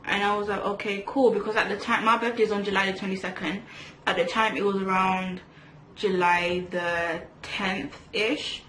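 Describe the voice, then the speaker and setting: A woman's voice: medium pitch, steady tone, normal speed, pushed and bright. Chatty young woman, echoey room. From England. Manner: chatty, rambling, lots of fillers and restarts. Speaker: vlogger. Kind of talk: storytime chat while doing makeup. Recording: echoey room with faint hiss.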